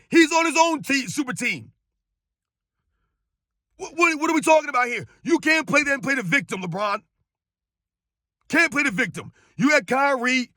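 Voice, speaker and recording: A man's voice: extremely high pitch, sharp tone, dry recording, clean studio sound. A man giving an emphatic, scornful sports rant, hammering his points home with repetition. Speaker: sports commentator. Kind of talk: ranting sports commentary.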